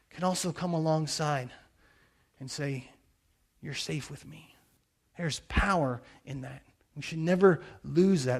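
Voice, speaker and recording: A man's voice: a little high, darkish tone. A middle-aged man preaching a sermon, earnest and telling a personal story as a pastor. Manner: earnest storytelling with quoted blessings.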